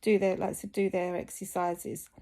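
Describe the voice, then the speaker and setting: A woman's voice: lowish voice, level tone, moderate pace, vocal fry, dark tone. A woman from the UK talking candidly to camera in a vlog, hesitant with many ums and restarts, and tired. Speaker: fitness vlogger recovering from surgery.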